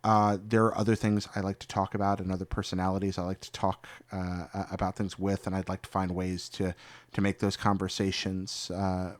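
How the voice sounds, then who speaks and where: Lively, curious male podcast host. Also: deep voice, a little fast, dry recording. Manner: curious, animated reactions, rambling answers. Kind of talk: casual interview chat.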